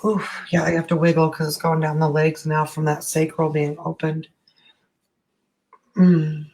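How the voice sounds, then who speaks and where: A woman's voice: low voice, monotone, a little slow, a little mellow. A middle-aged woman leading a casual live energy-healing session, chatty and frank, with easy swearing. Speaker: energy healer.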